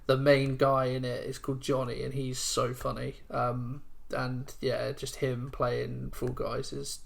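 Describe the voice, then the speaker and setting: A young man chats casually with his mates on a gaming podcast. His talk rambles along with fillers and restarts, and he reads aloud haltingly. His pitch sits in an ordinary middle range. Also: monotone, gravelly. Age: 20s. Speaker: podcast co-host. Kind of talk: casual chat.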